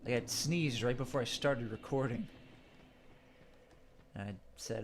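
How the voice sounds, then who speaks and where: A man's voice: medium pitch, unhurried, long pauses, slight background noise. A man commenting casually on his own gameplay, a little stuffed up, rambling with many fillers and asides. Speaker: gaming channel host.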